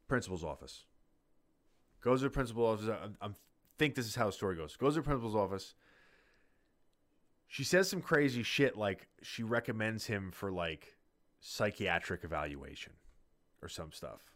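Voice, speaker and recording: A man's voice: on the low side, animated, moderate pace, fairly bright tone. A man casually telling a rambling, profane story in a podcast chat.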